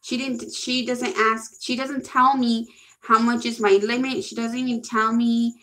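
A young woman hosting a casual livestream, chatting excitably and reading viewer comments aloud. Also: fairly high pitch, measured pace. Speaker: livestream host.

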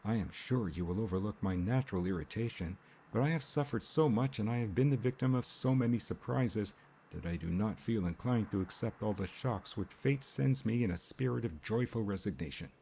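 A man playing an exasperated ironic gentleman. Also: on the low side, expressive, brisk, vocal fry, slight background noise. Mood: indignant. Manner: ironic, indignant, articulate. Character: baffled, exasperated young gentleman.

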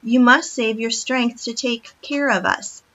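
A woman reading aloud puts on a small, brave pioneer girl weak with hunger, her voice lifted high and bright. She sounds feeble but determined, like a storybook child. The recording is dull and lo-fi. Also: measured pace.

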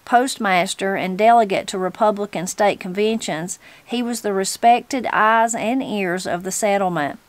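A woman reading a storybook aloud as a channel host, in a steady, unhurried way. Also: mid-range voice, no echo.

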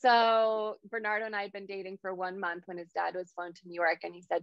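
Speaking fast with hardly any pauses, this thirty-something hypnotherapist tells a personal story on a video call, acting out what others said. Her medium-pitched voice stays steady in tone, captured in a dry, lo-fi recording.

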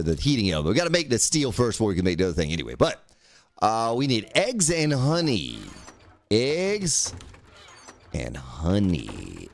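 A man live-streaming a survival game, chatting casually, joking and greeting viewers in the chat by name. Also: sits low.

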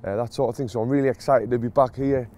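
This warm, medium-pitched voice moves fast with fairly even intonation. It belongs to a Sunderland boxing coach and vlogger in his thirties whose Mackem accent comes through as he vlogs from a football stadium, casual, emotional, chatty, and quick to laugh at himself.

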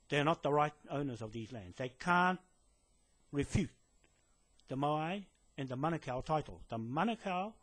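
A man delivering a direct-to-camera message to a police detective indoors, rambling with many fillers and restarts, insistent and lecturing. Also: on the high side. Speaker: land claimant addressing a police detective. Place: indoors in a building.

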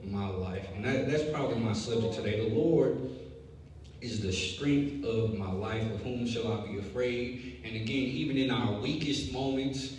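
Young preacher in an echoey church hall. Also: male voice, mid-range voice, moderate pace. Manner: animated storyteller, building to emphatic preaching. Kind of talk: sermon with storytelling. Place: church sanctuary. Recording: echoey hall, distant mic, faint noise.

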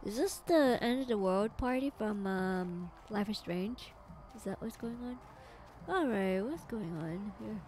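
A woman streaming a game live, excitable and giggly, thinking out loud as she plays. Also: mid-range voice, unhurried. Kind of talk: live gameplay commentary.

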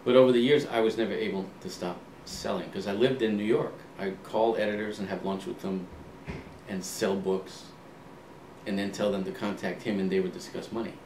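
A man in his sixties, an author being interviewed, telling relaxed anecdotes and acting out old conversations, with frequent ums and restarts. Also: fairly low pitch, normal speed. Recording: roomy, distant mic, faint ambient hum.

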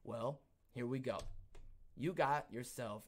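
A man hosting his own podcast, talking in a casual, rambling rant that swings between quiet asides and loud, emphatic bursts. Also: medium pitch, expressive, moderate pace. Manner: repeats himself, rambling restarts. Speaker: podcast host. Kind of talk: casual ranting commentary.

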